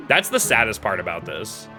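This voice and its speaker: A young adult man streaming a game live, chatting with his chat and swinging between quiet muttering and loud yelling. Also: on the low side, gravelly. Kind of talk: live gameplay commentary.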